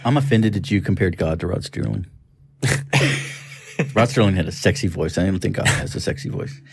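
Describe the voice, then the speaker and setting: Low male voice, wry teasing, casual podcast chat. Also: normal speed, vocal fry, a little mellow, slight background noise. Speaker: podcast co-host. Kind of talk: casual panel discussion.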